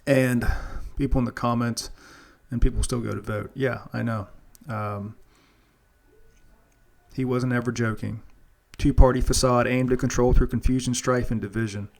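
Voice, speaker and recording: A man's voice: mid-range voice, steady tone, normal speed, creaky. A man hosting a casual monologue show, rambling and earnest, often restarting and repeating words. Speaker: podcast host.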